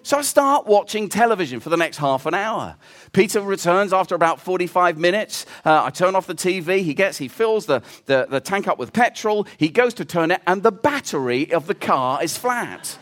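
A man preaching a sermon, telling stories with lively, animated delivery and acting out quoted voices. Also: sits high, normal speed. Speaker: pastor.

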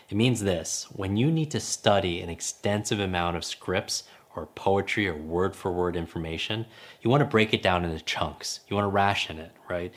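Energetic low-voiced male podcast coach. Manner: energetic, repeats key phrases for emphasis. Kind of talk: podcast teaching.

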